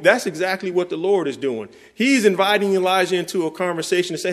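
A male preacher delivering a sermon in a relaxed, conversational way, with a voice pitched a bit high for a man. He slows down and weighs each word when reading scripture aloud. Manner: conversational, speaks directly to listeners; reads scripture slowly and deliberately.

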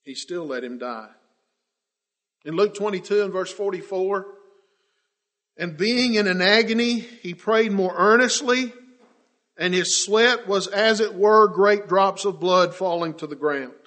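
A man preaching a sermon with passion, swinging between loud declarations and hushed, drawn-out words. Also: high-pitched.

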